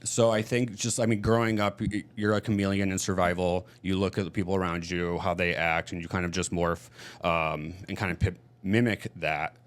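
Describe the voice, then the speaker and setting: A man's voice: low voice, little pitch movement, moderate pace. A man from Michigan, telling stories candidly as a podcast guest. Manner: candid, chatty storytelling. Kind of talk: casual chat.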